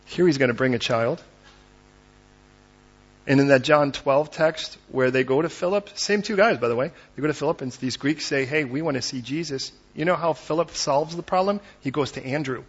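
A man preaching a sermon as pastor, animated and conversational, acting out the people in his story. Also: a little high, normal speed, breathy edge, highs cut off.

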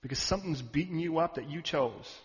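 A man preaching a sermon in an animated way, often asking his audience questions. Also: on the high side, brisk. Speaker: pastor. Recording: reverberant hall, dull sound.

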